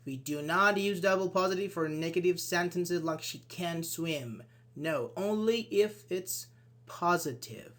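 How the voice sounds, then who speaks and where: A man giving an online English grammar lesson, explaining step by step and acting out short sample dialogues. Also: a little slow. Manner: explains with many "for example"s and acted-out sample dialogues; lively, switches pitch when voicing example sentences. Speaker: English teacher.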